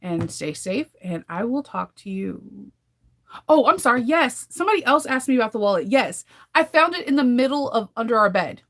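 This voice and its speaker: A woman's voice: on the high side, big pitch swings, moderate pace, fairly bright tone. A woman in her thirties chatting casually in a daily sewing vlog, rambling and laughing often. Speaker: sewing vlogger.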